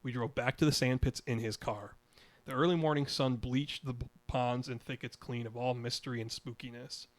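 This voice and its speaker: A man's voice: mid-range voice, fairly even intonation, normal speed. An older man in his eighties reading his own memoir story aloud, wry, chuckling now and then. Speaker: podcast storyteller.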